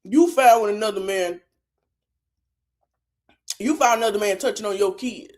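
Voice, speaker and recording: A woman's voice: mid-range voice, moderate pace, darkish tone. A woman hosting a podcast, giving sassy, chatty reaction commentary. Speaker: podcast host.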